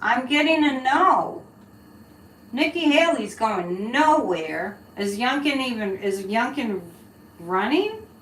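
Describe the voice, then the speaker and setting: A woman's voice: a little high, lively intonation, slow pace. A woman hosting a live-stream psychic reading, chatting loosely with viewers and laughing between remarks. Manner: chatty, laughing, rambling asides to chat. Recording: echoey room, faint background hiss.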